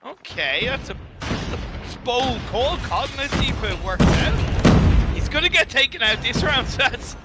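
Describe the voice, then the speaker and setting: A high-pitched man calls a mobile shooter tournament live, stumbling over his words and jumping into jokes. Game noise and gunfire run clearly beneath him. His energy spikes whenever the action heats up. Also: very animated, measured pace. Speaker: esports caster. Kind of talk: live play-by-play commentary. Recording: noisy game audio underneath.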